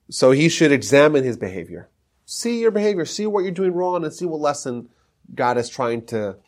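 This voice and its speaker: A man's voice: medium pitch, a little mellow. A man giving a podcast lecture on Talmud history, teaching emphatically and mixing in Hebrew terms.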